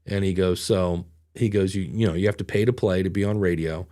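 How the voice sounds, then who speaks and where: This podcast host, a middle-aged man, speaks in a low, warm voice at a slightly quick clip. He chats casually, spinning rambling stories at his own expense.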